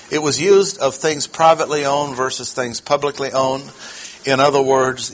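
A man preaching a Bible teaching sermon, speaking deliberately and emphatically, slowing down to stress key words and putting questions to his listeners. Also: medium pitch, a bit bright, poor audio. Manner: asks the audience questions.

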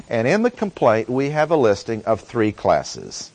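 A man teaching a Bible study lecture in an earnest tone, often pausing with "uh" as he explains words and verses. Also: mid-range voice, sing-song, a little mellow, dry recording. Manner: earnest teaching tone with frequent "uh" pauses.

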